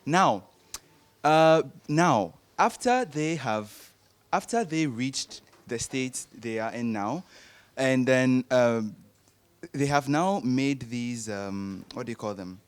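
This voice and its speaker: A young man explains his argument on a panel, lecturing and pausing to search for words. He speaks slowly, and his voice sounds smooth and clear. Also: mid-range voice, animated. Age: young adult. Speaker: panel guest.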